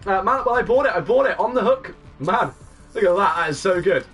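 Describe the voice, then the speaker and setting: A young man in his twenties live-streaming a game, greeting and thanking viewers and breaking into excited shouts. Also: sits high, quick pace, recorded from a distance, faint music behind. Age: 20s. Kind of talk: live-stream chat reading out viewers' messages.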